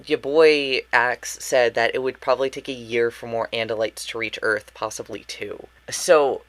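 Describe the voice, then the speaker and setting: Very low-voiced woman, animated chatter. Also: moderate pace, no room sound. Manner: animated, theorizing, acts out quotes in a high squeal. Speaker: book club podcast co-host. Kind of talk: casual chat.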